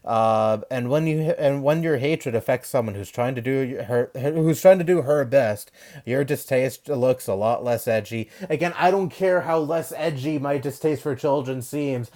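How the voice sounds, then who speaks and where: A man's voice: mid-range voice, moderate pace, darkish tone. Rambling, defensive young man commentator. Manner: rambling and defensive, with many fillers, restarts and mild swearing. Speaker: video commentator. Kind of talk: casual commentary reading and responding to an article.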